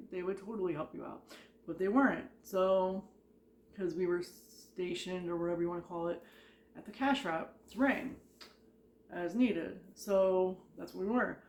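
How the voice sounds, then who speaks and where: A woman's voice: lowish voice, gravelly, darkish tone. Woman, vlogger, casual storytelling, rambling and chatty, lots of "like", laughs often, echoey room. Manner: chatty, rambling, heavy use of "like", frequent laughter. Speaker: vlogger recounting retail work stories.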